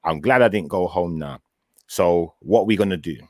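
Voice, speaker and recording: Man, low deep voice, animated storyteller in casual chat, dry close sound. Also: moderate pace, dry recording. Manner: animated storyteller, acts out his own quoted words.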